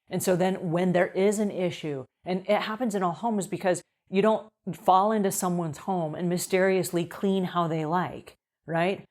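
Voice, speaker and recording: A middle-aged woman coaching house cleaners in an upbeat advice video, acting out quoted conversations with customers. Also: on the low side. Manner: upbeat, acts out quoted dialogue in lively voices. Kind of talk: advice video talking to camera.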